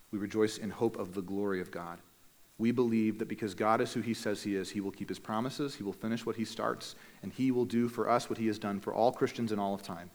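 A man preaching a sermon as pastor in a church meeting room, speaking in measured, earnest phrases and slowing down to stress key words. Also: medium pitch. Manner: measured, earnest delivery with slow emphatic phrases. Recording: long hall reverb.

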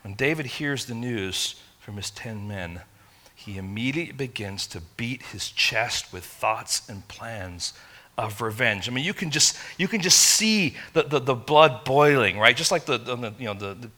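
A man from England, preaching a sermon in an animated, conversational storytelling way. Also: medium pitch. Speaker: pastor.

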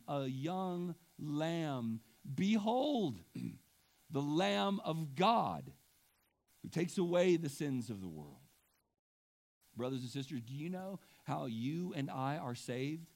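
A man preaching a sermon as pastor, impassioned and emotional, swinging between loud emphasis and hushed asides and often clearing his throat. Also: mid-range voice.

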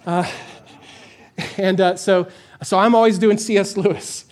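A pastor preaching a conversational, emphatic sermon in a church, putting questions to the congregation. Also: male voice, sits high, steady tone, unhurried.

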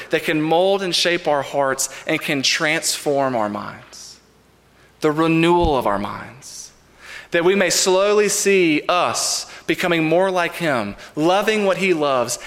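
A man preaching a sermon as pastor, earnest and measured, with repeated refrains. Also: on the high side, a bit bright. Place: church sanctuary. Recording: reverberant church sanctuary.

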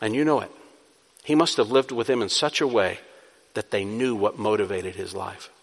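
With a voice on the low side and touched by vocal fry, a pastor preaches emphatically at a moderate pace, raising questions and supplying his own answers. The sermon is recorded in a reverberant church sanctuary.

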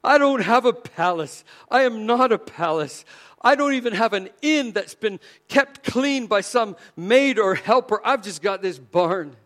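A preacher speaking as a humble innkeeper who owns only a barn, giving an earnest first-person testimony. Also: male voice, high-pitched, expressive, measured pace, a bit bright, pitched above the performer's own voice.

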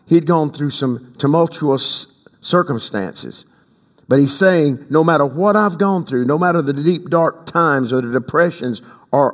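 An older man preaching a sermon as pastor, emphatic, leading the congregation in call-and-response. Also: medium pitch. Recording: long hall reverb.

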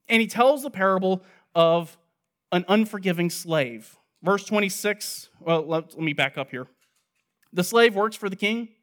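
A man with a high, fairly bright voice delivers an earnest sermon, reading passages aloud and then explaining them. Like a preacher leading a Bible study, he works through the text one verse at a time.

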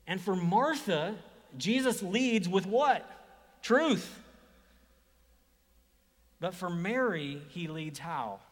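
A man preaching a sermon as a pastor, dropping to hushed whispers and rising to loud emphatic exclamations, acting out quoted speech. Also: on the high side, slow, pauses often, long reverb tail. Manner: acts out quoted speech in lively voices.

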